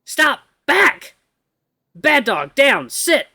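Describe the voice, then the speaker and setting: A frantic young man yells and curses in a high, strained voice, as a man puts him on. The sound is close and dry, with no room around it. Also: animated, fast, no echo, exaggerated voice. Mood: shouting. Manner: yelling, frantic, cursing. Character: panicked, foul-mouthed young man held captive.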